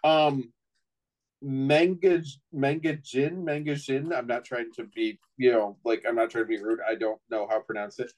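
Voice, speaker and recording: A man's voice: medium pitch, flat delivery, moderate pace, darkish tone, poor audio. A middle-aged man on a casual chat show, rambling through an anecdote with many restarts. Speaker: co-host.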